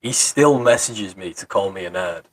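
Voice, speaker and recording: A man guesting on a podcast, telling relaxed work anecdotes with the odd chuckle. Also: deep voice, normal speed, a crowd in the background. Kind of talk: casual podcast chat.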